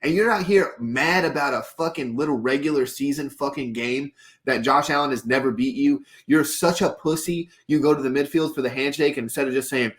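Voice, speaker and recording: A male podcast co-host in casual sports talk, ranting hard with heavy profanity. His voice sits at a middling pitch. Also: brisk. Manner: heated, profanity-laden ranting.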